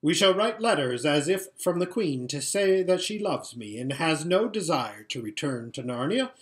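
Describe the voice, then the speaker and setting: Brief: arrogant young prince, read by a male narrator, forceful, pushy and grandiose. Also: on the high side, very animated, normal speed. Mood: pompous.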